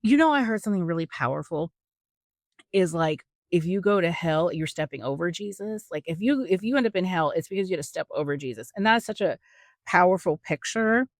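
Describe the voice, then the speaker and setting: A woman podcast host with a fairly low voice talks through a Bible story in a chatty, animated way. She throws in jokey asides to her listeners. The recording is dry and close, with no room sound. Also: a little fast, dry recording. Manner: chatty and animated, acts out quotes with big voice swings. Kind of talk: casual Bible teaching.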